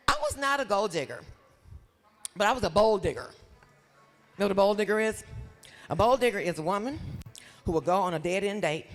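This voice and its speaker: A woman comedian doing live stand-up, chatty and joking with the crowd from a stage. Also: medium pitch. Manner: animated, chatty, jokes with the crowd. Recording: long hall reverb.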